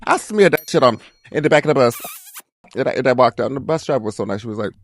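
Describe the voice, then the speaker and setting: Young American man, dramatic storyteller, fast talker with a very animated pitch. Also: slight background noise. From United States. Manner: animated, dramatic, leaps into high voices for quotes. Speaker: vlogger. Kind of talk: personal storytelling monologue.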